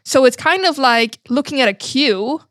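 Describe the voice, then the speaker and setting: A woman's voice: high voice, lively intonation, moderate pace, fairly bright tone, dry recording, clean studio sound. A woman from Sweden, a native Swedish speaker, co-hosting a podcast in a giggly, chatty way and explaining things at length. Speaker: podcast co-host. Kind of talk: casual chat.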